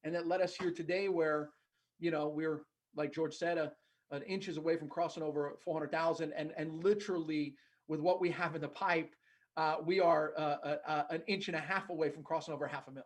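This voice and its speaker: A man's voice: fairly high pitch, fairly even intonation, brisk. A man with a New Jersey accent, a podcast guest telling his story in an earnest, casual way. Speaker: podcast guest, agency executive.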